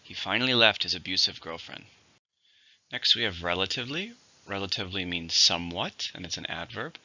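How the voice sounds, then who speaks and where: Bright-voiced male English teacher, lo-fi. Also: low voice, animated. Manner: slows down and stresses syllables when modelling words. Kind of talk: vocabulary lesson.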